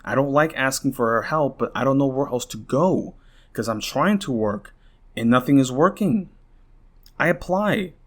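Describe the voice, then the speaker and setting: Mid-range and animated at a moderate pace, this young podcast host's voice carries a rant that wanders, curses, and keeps starting over. He's frustrated, drained, and on the verge of crying.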